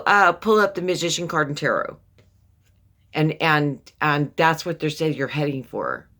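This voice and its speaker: A woman's voice: deep voice, expressive, moderate pace, fairly bright tone. A woman giving a casual, affectionate tarot reading, calling the listener baby and often repeating herself. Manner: rambling, repeats words and restarts. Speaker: tarot reader.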